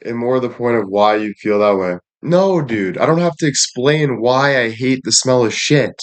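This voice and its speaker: A man's voice: medium pitch, animated, moderate pace. A young man ranting bluntly at his viewers with heavy swearing and repeated catchphrases. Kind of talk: profane rant to viewers.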